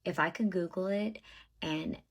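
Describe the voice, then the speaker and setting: At a measured pace, a woman in her thirties with a fairly low, breathy-edged voice shares her own story. It's a casual monologue aimed straight at viewers, called y'all, delivered with blunt, profane exasperation.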